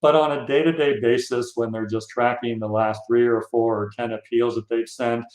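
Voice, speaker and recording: A man's voice: mid-range voice, fairly even intonation, normal speed, a little mellow. A man, a consultant, giving an instructive conference session presentation with emphatic stress on key points. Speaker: fundraising software consultant. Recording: echoey conference room.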